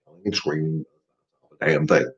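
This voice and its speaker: A man's voice: rumbling low, fairly even intonation, moderate pace, husky, lo-fi sound. A middle-aged man hosting a live dog-training Q&A, talking casually and emphatically, repeating his points as he coaches. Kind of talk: casual live-stream talk.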